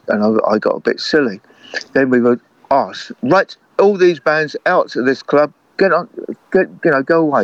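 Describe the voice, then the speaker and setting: An older man chatting casually and telling animated stories from his touring days. He slips into other people's voices and laughs along as he goes. The recording is dull and lo-fi. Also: mid-range voice. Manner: lively anecdotes, acts out other voices with laughter. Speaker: guest musician. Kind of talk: casual storytelling chat.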